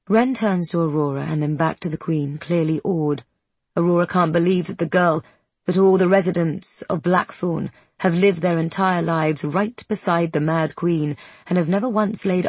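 A woman narrating a fantasy audiobook in a measured, even reading voice. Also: fairly low pitch, husky, no echo.

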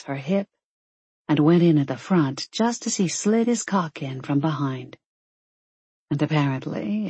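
A woman narrating a romance novel as an audiobook in a steady storytelling manner. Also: deep voice, slightly rough, no echo.

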